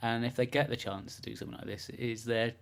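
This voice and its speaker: A British man co-hosting a podcast, speaking in a measured way with frequent short agreements. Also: mid-range voice, flat delivery, creaky. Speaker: podcast co-host. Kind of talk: casual chat.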